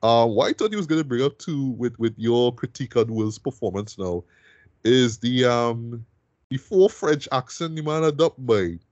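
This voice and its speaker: A man's voice: medium pitch, expressive, moderate pace, a little mellow, dry recording, highs cut off. A man co-hosting a podcast film review in casual chat, ending many phrases with "right?" and often restarting words.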